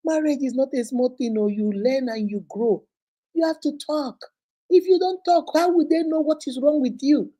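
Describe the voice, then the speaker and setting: A Nigerian woman hosting a relationship advice talk, telling stories vividly and acting out the voices. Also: high voice. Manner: lively storytelling, acts out voices, laughs often. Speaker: host.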